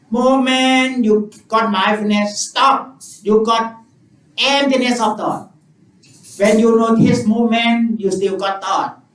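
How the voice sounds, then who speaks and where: A man with an Indonesian accent, a Buddhist monk guiding a meditation session in simple, repetitive English with long pauses. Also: high-pitched, a bit bright. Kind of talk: guided meditation teaching. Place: temple or meditation hall. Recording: roomy, distant mic with faint ambience.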